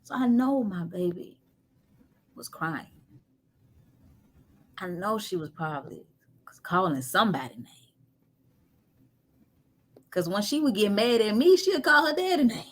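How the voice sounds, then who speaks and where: A woman telling a painful personal story candidly, moving between animated talk and near-whispers. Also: medium pitch, unhurried, pauses often. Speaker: guest. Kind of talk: emotional storytelling.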